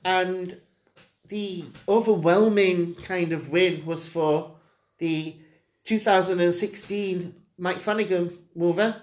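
A woman co-hosting a film podcast, chatty and giggly with quick asides. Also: lowish voice, darkish tone. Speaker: podcast co-host. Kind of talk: casual film review chat.

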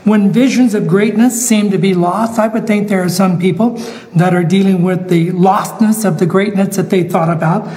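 A man's voice: sits high, steady tone, moderate pace, darkish tone, in a large hall, poor audio. A male pastor delivering a sermon, emphatic, repeating phrases and asking the listeners questions.

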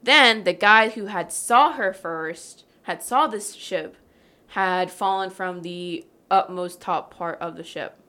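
Her voice sits on the low side, bright and forceful, and she takes a slow pace. As a podcast host, she reads a legend in a casual, jokey way, cursing and laughing along the way.

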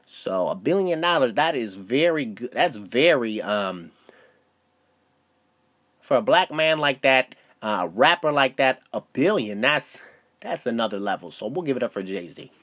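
Young man, solo podcast host, lively swinging pitch, profane rambling, filler-heavy. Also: unhurried. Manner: loose, profane storytelling with lots of fillers. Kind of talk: casual solo podcast monologue.

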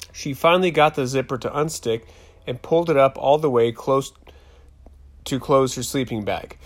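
A man narrating a first-person story in a calm, even reading. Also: medium pitch, moderate pace. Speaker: audiobook narrator.

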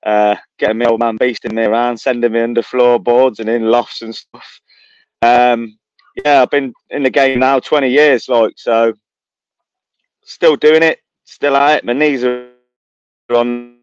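A laid-back man in his thirties, an electrician, talks easily in a smooth voice. He comes through a dull, lo-fi remote call line that sounds dry. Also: medium pitch, fairly even intonation, unhurried, no echo. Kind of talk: casual chat on a remote call.

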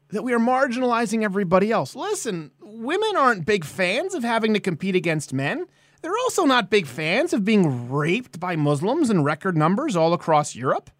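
Animated male live-stream host. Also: high-pitched, no echo. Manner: animated, emphatic ranting with jokes. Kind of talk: political comedy live-stream chat.

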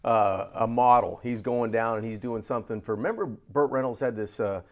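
A man co-hosting a sports talk show, telling a story in a lively way and acting out the voices of the people in it. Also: medium pitch, fairly quick. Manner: animated, acts out quoted voices. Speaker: co-host. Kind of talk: casual storytelling.

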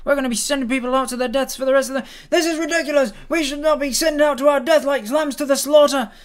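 A man voicing a panicked, furious male townsman ranting loudly at the guards. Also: very high-pitched, steady tone, quick pace, pitched above the performer's own voice. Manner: shouting, ranting.

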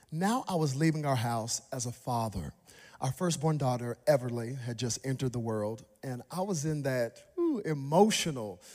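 A man in his thirties preaching a sermon, telling a personal story in an animated way and jumping into high, excited voices when he acts out the people in it. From Dallas, Texas. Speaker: pastor. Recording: long hall reverb.

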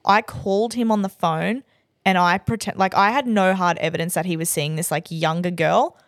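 Young aussie girl co-hosting a podcast, loud and emphatic, swears a lot, dry close mic. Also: on the low side, fairly even intonation, moderate pace, dry recording. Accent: Australian. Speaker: podcast co-host. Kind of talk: casual chat.

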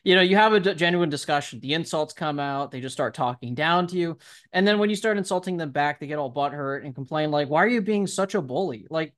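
High-voiced man, rambling and laughing. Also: fast, a bit bright. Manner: rambling, laughs often, lots of "like". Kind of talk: casual political discussion.

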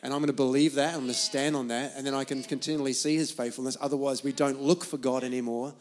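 A man's voice: medium pitch, steady tone, quick pace, a little mellow, soft background music. A man hosting a church panel Q&A, chatty and enthusiastic, laughing often. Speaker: church host.

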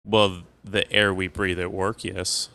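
A man's voice: deep voice, flat delivery, slow pace, gravelly, bright, forceful tone, clean tone, dry recording. A man chatting casually on a podcast, rambling through long stories and laughing at his own jokes. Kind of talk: casual chat.

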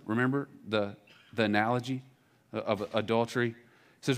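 A man's voice: mid-range voice, steady tone, measured pace, fairly bright tone. A man delivers a sermon from a church pulpit. His voice sits in a middle register, and his talk is plain and candid, full of restarts, asides and little fillers as he talks to his congregation. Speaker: pastor. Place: church sanctuary.

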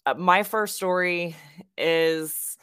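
A woman's voice: on the low side, fairly even intonation, takes it slowly, a bit bright, smooth, dry recording, clean studio sound. A young woman from South Florida, co-hosting a podcast and telling a casual story with plenty of ums and laughs between sentences. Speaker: podcast co-host.

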